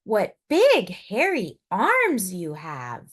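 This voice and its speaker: A woman voicing a wary little girl who speaks slowly and carefully. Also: mid-range voice, huge pitch swings, fairly bright tone, heavily acted. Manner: slow, careful.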